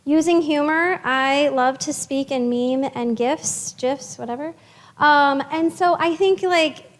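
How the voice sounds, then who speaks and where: A woman's voice: sits high, big-room sound. A woman social worker giving a chatty, upbeat presentation to parents, with many fillers and restarts.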